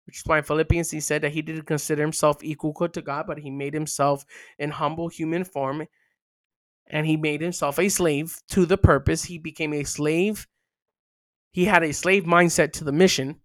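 A podcast host giving informal devotional teaching, reading scripture aloud and riffing on it with slang and bursts of excitement. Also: medium pitch, normal speed, no echo, studio quality. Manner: animated, slangy, reads Bible passages aloud then riffs on them.

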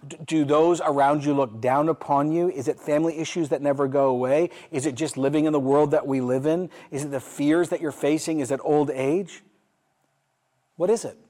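A man's voice: on the high side, darkish tone. A middle-aged man preaching a sermon, asking his listeners questions and telling a story, building to emphatic peaks. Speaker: pastor.

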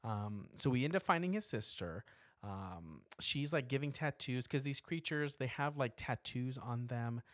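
A man's voice: medium pitch, unhurried, no echo, studio quality. A man in casual chat, retelling a horror film's plot with fillers and laughs. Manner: animated storytelling with frequent laughs and fillers. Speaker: podcast co-host recapping a horror film.

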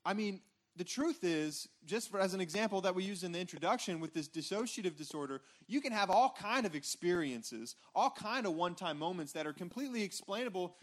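High-voiced man preaching conversationally. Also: fairly bright tone. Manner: informal, repeats words and restarts, frequent "right?" checks with congregation. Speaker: pastor. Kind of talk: conversational sermon. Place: church stage before a responding congregation.

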